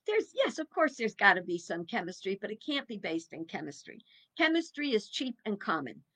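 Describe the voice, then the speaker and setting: A woman's voice: mid-range voice, sing-song, moderate pace, fairly bright tone. A woman in her seventies, a minister giving a reflective evening talk in a folksy, musing way with chuckles. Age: 70s.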